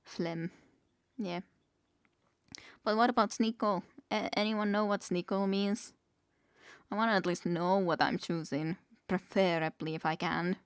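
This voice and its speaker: A woman's voice: lowish voice, steady tone, a little slow, pauses often, clean tone, dry recording, clean studio sound. A woman streaming a game, musing aloud, reading the game text and chuckling often in casual commentary. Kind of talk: casual let's-play commentary.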